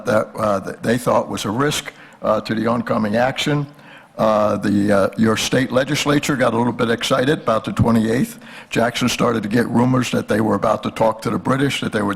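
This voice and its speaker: Gravelly older man giving a folksy lecture. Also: medium pitch. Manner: folksy, hesitant with many fillers. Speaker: guest speaker, historian. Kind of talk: lecture with jokes.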